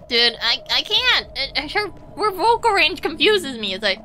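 A woman streaming as she reads a game aloud, casual and self-mocking, her voice hoarse and strained. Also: high-pitched, big pitch swings, moderate pace, hardly any pauses, pushed and bright, slight background noise. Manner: self-mocking, swears, restarts often. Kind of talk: casual live-stream chat and reading.

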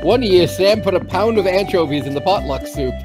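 Man, giggly and playful, fairly high voice, lively pitch swings, game music. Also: brisk. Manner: giggly and animated, greets characters. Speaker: co-op gaming guest. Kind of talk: casual gaming chat.

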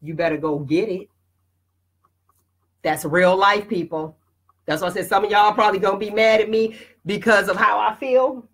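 Blunt, husky-voiced woman giving a pep talk. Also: mid-range voice, normal speed, long pauses, fairly bright tone. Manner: blunt, emphatic, preachy; addresses viewers directly. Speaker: host. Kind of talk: motivational talk.

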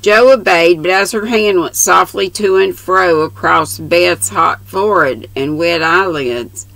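An older woman reading a novel aloud, slow and unhurried, stopping to correct herself and mutter asides. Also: fairly low pitch, creaky, fairly bright tone, dry recording, poor audio. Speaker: channel host reading aloud.

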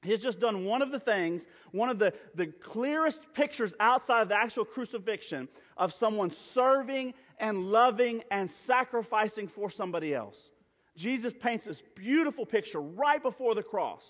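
A man with a notably high voice delivers a sermon from the stage of a church sanctuary, speaking conversationally and often restarting his sentences with fillers. His voice carries into a long, lingering hall reverb. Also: animated, moderate pace, fairly bright tone. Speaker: pastor.

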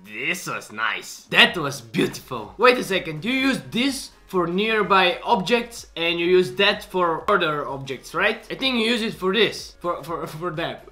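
Excitable man, lively pitch. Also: measured pace, soft background music. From Bulgaria. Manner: excitable, exclaiming and laughing often. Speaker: host. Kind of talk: reaction video commentary.

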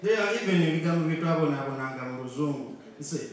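Ugandan male stand-up, lightly raised pitch, mock-serious storyteller, live hall echo. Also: animated, brisk. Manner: punchy, mock-serious storytelling, switching into Luganda, rising to shouted punchlines. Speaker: stand-up comedian. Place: large comedy venue with live audience. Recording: echoey live hall from far off, loud crowd.

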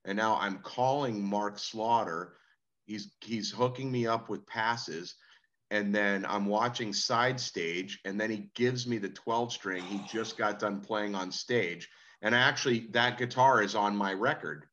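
A man's voice: fairly low pitch, measured pace, a bit bright, highs cut off. A man who is a musician, guest on a podcast, telling laid-back anecdotes and quoting what people said. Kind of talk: casual interview storytelling.

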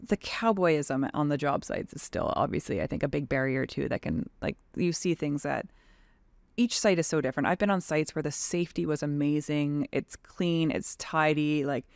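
In casual podcast talk, a tradeswoman and advocacy leader from Canada, in her thirties, comes across frank and animated, saying "like" often. Her expressive voice sits low and darkish at normal speed, with no room sound.

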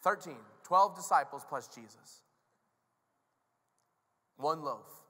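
A man's voice: fairly high pitch, slow. A male pastor preaching a sermon in a casual, joking, storytelling manner. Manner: conversational, joking, animated storytelling. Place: church sanctuary. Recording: long reverb of a large hall.

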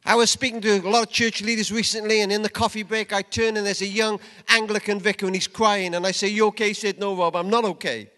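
An older man preaching a sermon at a conference, emphatic, dropping from loud urging to hushed asides. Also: high voice, level tone, quick pace, hardly any pauses. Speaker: conference speaker. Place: large event hall. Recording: long reverb of a large hall.

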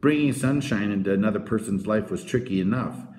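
A man reading a children's novel aloud as narrator, with expressive storytelling. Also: lowish voice, a little fast. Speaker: audiobook narrator. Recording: roomy echo.

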